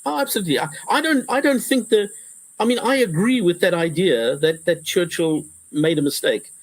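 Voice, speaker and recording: A male professor answering interview questions in a lively conversational way, often restarting sentences and acting out quotes. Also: high voice, a little fast, dry recording, low-quality recording. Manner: animated, repetitive restarts, acts out quotes.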